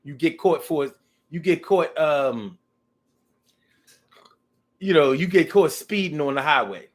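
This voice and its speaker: A man talking in a casual, rambling monologue, animated and profane, to his own audience. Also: on the high side, slow. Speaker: vlogger.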